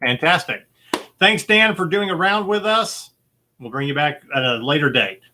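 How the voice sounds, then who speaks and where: A man hosts a relaxed movie-quote game, chatting casually in a bright, ringing voice that sits on the high side. He rambles along easily at a moderate pace, filling his sentences with fillers and little chuckles, and stays informal and friendly throughout.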